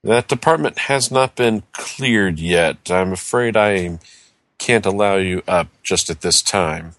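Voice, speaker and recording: A man's voice: low voice, slow pace, a bit bright, dry recording, full character voice. A man voicing a polite uniformed police officer.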